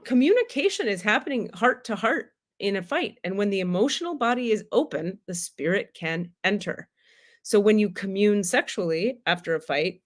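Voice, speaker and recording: Woman, livestream host, casual spiritual talk, candid, animated, swears, laughs a lot. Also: mid-range voice. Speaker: spiritual teacher hosting a livestream.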